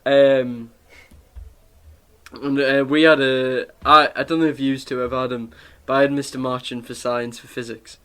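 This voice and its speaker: A man's voice: medium pitch, flat delivery, a little slow, pushed and bright, smooth. A young man with a Sunderland accent chatting casually as a podcast host, rambling through stories, swearing freely and laughing often. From Sunderland, England. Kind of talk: casual chat.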